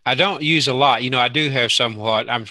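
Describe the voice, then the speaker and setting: Male co-host, Southern accent, bright sharp tone, dry mic, easygoing self-deprecating chatter. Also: medium pitch, quick pace, dry recording. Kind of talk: casual chat.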